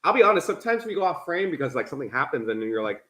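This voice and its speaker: A man hosts a live cooking stream from his home kitchen, talking casually as he explains each step. His voice moves up and down in a lively way, and the room gives it a noticeable echo. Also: mid-range voice, racing. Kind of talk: casual chat while cooking.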